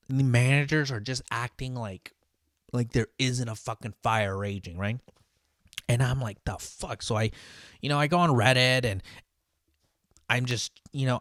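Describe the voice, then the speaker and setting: Profane, heated line cook, dry sound. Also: male voice, mid-range voice, no room sound. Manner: profane and heated, heavy on "like" and "dude"; rambling with frequent restarts. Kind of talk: casual storytelling monologue.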